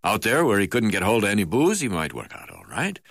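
A man's voice: lowish voice, wildly swooping pitch, a little fast, fairly bright tone, no echo, studio quality, heavily acted. A man reading an audiobook voices a crusty, hard-drinking older male magistrate with coarse, blustering talk. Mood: gruff. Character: crusty old male colonial magistrate, boozy and gruff.

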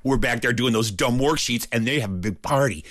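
A man telling a story from his school days, animated, acting out each voice and swinging between loud and hushed. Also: medium pitch, a little fast, no room sound.

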